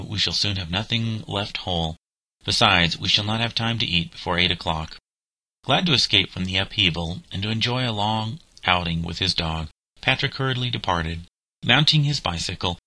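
Male narrator, very low voice with a sharp, bright edge, dry close sound, steady storybook read. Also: no echo, poor audio. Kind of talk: storybook reading.

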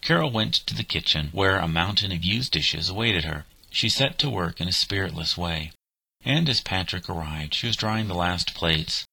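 A man narrating a storybook in a measured, plain way. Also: low voice, expressive, creaky, pushed and bright, slightly rough, rough recording. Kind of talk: storybook reading.

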